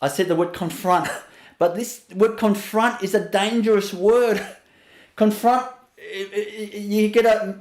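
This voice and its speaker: In a spiritual webinar, a man teaches in a fairly high, slightly slow voice, often laughing briefly between phrases. To demonstrate what calm sounds like, he drops into a soft, low, hushed register. A noticeable room echo colors the sound.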